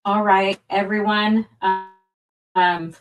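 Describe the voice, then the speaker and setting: A woman hosts a casual livestream, rambling and apologetic with plenty of fillers. Her voice sits at a middle pitch and sounds a little distant from the microphone. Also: steady tone, extremely slow, over music. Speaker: livestream host. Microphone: phone hotspot stream.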